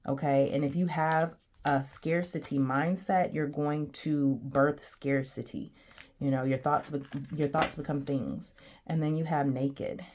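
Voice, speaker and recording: A woman's voice: deep voice, a little mellow. A woman giving a casual tarot reading, chatty and digressive, talking straight to her viewers. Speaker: tarot reader.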